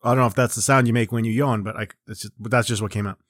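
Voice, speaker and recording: A man's voice: fairly low pitch, fairly even intonation, racing, fairly bright tone, dry recording, clean studio sound. Rambling, profane man in his forties. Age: 40s. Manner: rambling, profane, self-mocking, with lots of restarts and riffs. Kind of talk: comedic casual chat.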